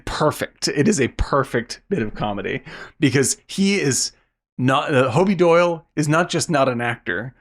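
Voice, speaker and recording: A man co-hosting a podcast, chatting excitedly about a film, laughing often and restarting his sentences. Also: medium pitch, moderate pace. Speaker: podcast co-host. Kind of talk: casual movie chat.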